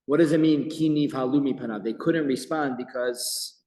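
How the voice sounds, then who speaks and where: Rabbi teaching in an echoey office. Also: male voice, mid-range voice, normal speed. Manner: animated storytelling with Hebrew quotes. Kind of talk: Torah class lecture. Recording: echoey room with long reverb.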